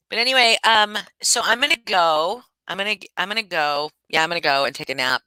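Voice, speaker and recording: A woman's voice: fairly low pitch, lively intonation, brisk, few pauses, pushed and bright, clear, resonant tone, no room sound, low-quality recording. A woman hosting a livestream from home, chatting casually with viewers by name. She is sleepy and yawning, and her talk rambles. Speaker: livestream host.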